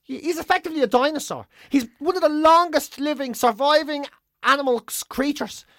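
An Irish woman hosting a podcast, chatting casually, animated and swearing freely. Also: sits high, fairly quick, no room sound, studio quality. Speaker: podcast host. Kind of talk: casual chat.

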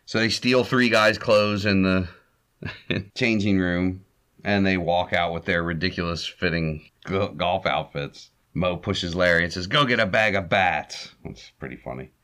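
Male podcast host, low voice, laid-back recap, chuckling, conversational fillers. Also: unhurried. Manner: chuckles often, relaxed with fillers. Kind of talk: casual recap of an old comedy short.

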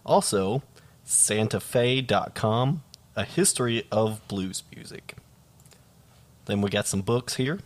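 A man's voice: on the low side, expressive, takes it slowly. A man co-hosting a comedy podcast, teasing dryly and swearing. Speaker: podcast co-host. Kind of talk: casual comedic podcast banter.

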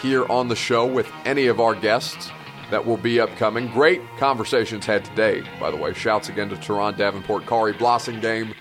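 A man's voice: fairly low pitch, steady tone, moderate pace, a bit bright, soft background music. A male podcast host giving a heartfelt, thankful sign-off to his listeners, a little emotional. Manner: earnest, thankful, slightly emotional.

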